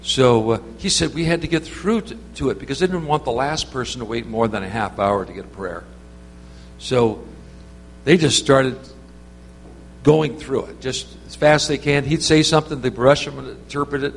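A man preaching an informal sermon, telling stories in a rambling, conversational way with many restarts. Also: medium pitch. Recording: reverberant hall with faint hum.

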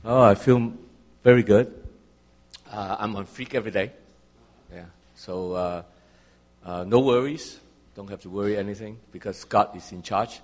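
A man in a church group shares a short testimony. His voice is low, and he speaks haltingly with many fillers. A long echo trails each phrase. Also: darkish tone. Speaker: group member. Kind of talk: sharing a testimony.

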